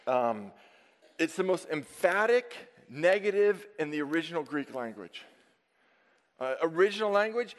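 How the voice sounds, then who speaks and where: A man preaching a sermon to his congregation, emphatic and dynamic, swinging from loud stresses down to hushed asides. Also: a little high, sing-song, unhurried. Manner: emphatic, dynamic preaching with sudden drops to near-whisper. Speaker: pastor. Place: church sanctuary. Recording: long reverb of a church sanctuary.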